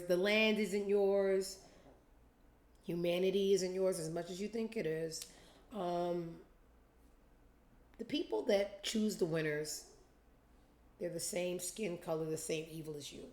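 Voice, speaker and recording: A woman hosting a commentary show, ranting in a blunt, scornful way. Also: fairly low pitch. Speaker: show host. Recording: roomy echo.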